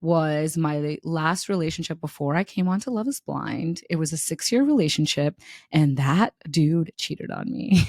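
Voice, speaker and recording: A candid young woman, co-hosting a podcast, tells a dating story during casual chat, animated and laughing through it while swearing freely. Her voice sits low and runs a little slow, recorded dry with clean studio sound.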